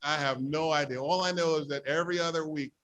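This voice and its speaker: A man's voice: on the high side, fairly even intonation, fast, a bit bright, a little hiss or hum. A middle-aged man, telling a humorous personal testimony at church and acting out his own past complaints. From New York. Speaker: church member sharing testimony.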